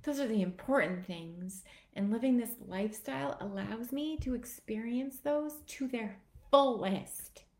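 A woman's voice: fairly high pitch, measured pace, few pauses, a little mellow. Emotional woman fitness coach, echoey room. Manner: earnest, emotional, heartfelt. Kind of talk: motivational live video talk.

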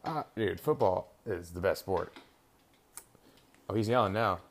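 A man's voice: low voice, animated, unhurried. A young man chatting casually on his own, rambling and swearing while he reacts to a football game on TV. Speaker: podcast host. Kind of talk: casual solo chat.

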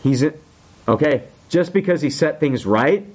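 Male podcast host, casual recap, excitable and profane. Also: fairly high pitch, moderate pace. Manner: excited, swears a lot, acts out quotes. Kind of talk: casual chat.

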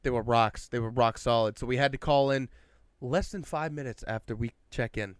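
A young man on a casual podcast tells crude stories and bursts into shouted quotes. His voice is smooth and clear. The room sound is dry. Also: medium pitch, normal speed, no room sound. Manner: swears freely, acts out quotes with sudden shouts. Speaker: podcast co-host. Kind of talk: casual storytelling chat.

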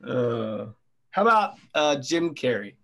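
A man co-hosting a podcast with his sister, joking, swearing and breaking into squeaky impressions. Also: very animated, takes it slowly, gravelly, a bit bright. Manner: jokey, swearing, jumping between low mumble and squeaky impressions. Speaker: podcast co-host. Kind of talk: casual chat between siblings.

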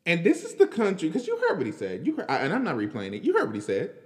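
A man hosting a podcast, talking in casual, animated commentary, laughing and repeating himself as he reacts. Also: on the high side, fast, hardly any pauses, in a large hall. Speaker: podcast host.

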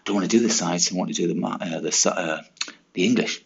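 A diligent schoolboy coaching himself through his homework, as a man puts him on in his own low, gravelly voice. He speaks plainly and matter-of-factly, like he is talking to himself. The sound is dull and lo-fi. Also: quick pace, full character voice. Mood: self-coaching. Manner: self-talk, matter-of-fact.

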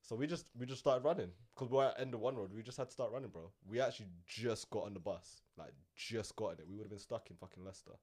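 A young man with a London accent, telling stories in animated, slangy casual banter with friends. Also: lowish voice, fast talker, hardly any pauses. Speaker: friend in group chat.

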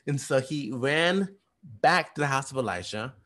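A man walking through study questions in a fast, rambling, casual way, with lots of restarts. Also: mid-range voice, expressive, a bit bright. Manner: chatty, retells stories in slangy voices. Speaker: teacher. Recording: voice message.

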